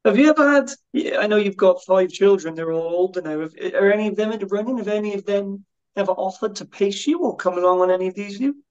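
A woman's voice: mid-range voice, lively intonation, fast talker, darkish tone. A woman co-host asking brief, interested questions in a casual interview. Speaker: podcast co-host. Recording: dull lo-fi audio.

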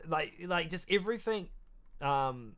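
High, bright-voiced young male streamer. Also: unhurried. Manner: excitable, openly emotional, swears freely. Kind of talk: casual live-stream reaction.

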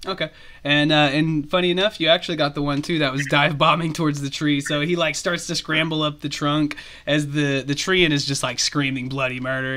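A man narrating as game master, chatty and animated. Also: on the high side, brisk, clear, resonant tone.

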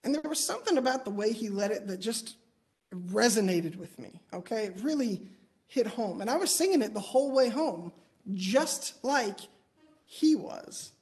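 A man's voice: sits high, lively intonation, normal speed, a little mellow. Man preaching a sermon in a chatty, storytelling way. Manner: conversational, anecdotal storytelling with light humor. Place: church auditorium.

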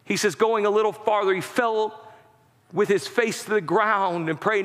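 A man preaching a sermon as pastor, with impassioned delivery that rises to shouting at its peaks. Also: high voice, normal speed. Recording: long hall reverb.

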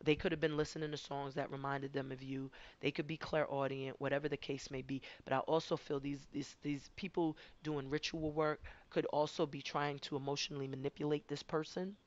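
A woman's voice: low voice, flat delivery, fairly quick, hardly any pauses, muffled recording. A woman giving a conversational spiritual tarot reading, rambling and often repeating her words. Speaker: tarot card reader.

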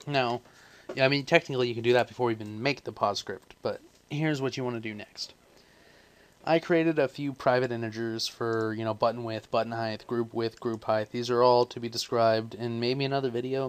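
A man's voice: mid-range voice, clean tone. Casual rambling man explaining code. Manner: rambling, self-correcting, offhand. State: hiccups. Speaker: tutorial maker. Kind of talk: casual screen-recorded coding tutorial.

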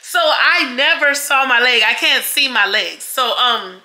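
Bright-voiced young woman telling a story. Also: high-pitched, a little slow. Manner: animated, acts out quoted voices, addresses viewers as y'all. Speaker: vlogger. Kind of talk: casual storytelling to viewers.

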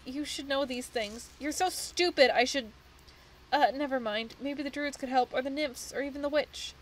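A woman's voice: sits high, normal speed, slight background noise, pitched above the performer's own voice, lightly acted, low-quality recording. A woman voicing a rage-addled female dryad from a video game, swinging between hostility and apology. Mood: snappish. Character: rage-addled female dryad, tree spirit, erratic and snappish. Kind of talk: reading game dialogue aloud.

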